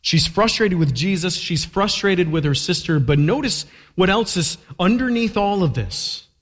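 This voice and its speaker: A male pastor delivers an emphatic sermon in a slightly high voice, pressing his listeners with rhetorical questions. His words carry a long reverb from a large hall. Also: animated, normal speed.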